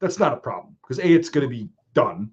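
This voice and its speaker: A man hosting a casual online stream, telling stories in a profane, animated way. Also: mid-range voice, fairly quick, muffled recording. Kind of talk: casual chat.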